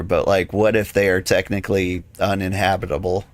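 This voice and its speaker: During a live stream, a low-pitched man talks at a moderate pace while playing, his voice tired and fading. The talk is loose and rambling, with "like" and similar fillers all over it.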